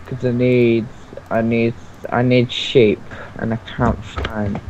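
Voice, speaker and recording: A young man co-hosting a let's play, excitable and quick to swear. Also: mid-range voice. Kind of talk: casual gaming chat. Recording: slightly dull lo-fi mic with faint noise.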